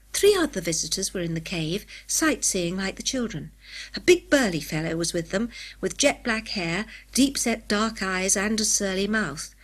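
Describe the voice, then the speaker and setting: A woman reading an adventure story aloud in clear, measured storybook narration. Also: mid-range voice. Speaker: audiobook narrator. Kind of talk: scripted narration.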